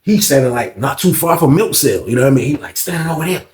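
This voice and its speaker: A man's voice: mid-range voice, fast talker, slight background noise. A man telling a story in a casual, slangy way, acting out the dialogue as he goes. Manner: animated, slangy, acts out dialogue. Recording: echoey room.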